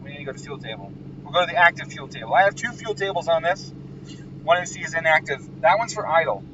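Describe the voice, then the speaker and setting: A man's voice: on the high side, quick pace, recorded from a distance, dull audio, background noise. A man who tunes engines talks casually and bluntly, swearing freely as he rants and explains his work. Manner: profane, ranting, blunt. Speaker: engine tuner. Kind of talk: casual explanatory vlog talk.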